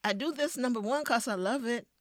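A woman storyteller, telling a tale with expressive, rhythmic delivery and then talking in an interview. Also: brisk, crowd noise. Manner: expressive, rhythmic storytelling with wide swings in pitch and volume. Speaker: storyteller guest.

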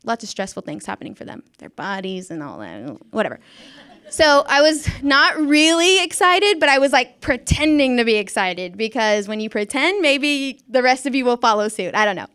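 Young woman, ex-teacher, chatty self-mocking storyteller. Slightly high, smooth voice. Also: sing-song, normal speed, a bit bright. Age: young adult. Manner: chatty, self-mocking, acts out quotes, laughs often. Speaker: former schoolteacher. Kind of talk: casual storytelling.

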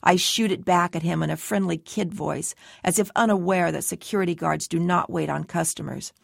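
A woman's voice: lowish voice, steady tone, a little fast, gravelly, no echo, clean studio sound. A woman reading a first-person novel aloud, giving the dialogue light character shading. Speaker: audiobook narrator.

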